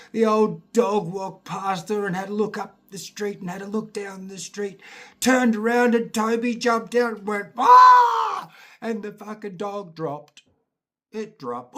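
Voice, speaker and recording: A middle-aged Scottish man telling childhood stories in a casual, lively way, acting out voices and swearing now and then. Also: a little high, breathy edge. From Scotland. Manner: lively, laughing, swears, acts out voices and sounds. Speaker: storyteller. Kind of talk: casual anecdotal storytelling.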